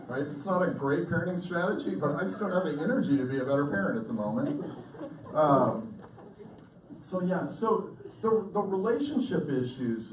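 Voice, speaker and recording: A man in his fifties, a communication professor, lecturing with lively, intense storytelling and acted-out quotes. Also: a little high, moderate pace, a little hiss or hum. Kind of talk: lecture to an audience. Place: lecture hall. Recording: echoey hall recorded from far off.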